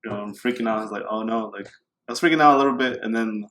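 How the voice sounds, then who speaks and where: A man's voice: on the low side, racing, background noise. A man telling a personal story in casual podcast chat, rambling with many fillers.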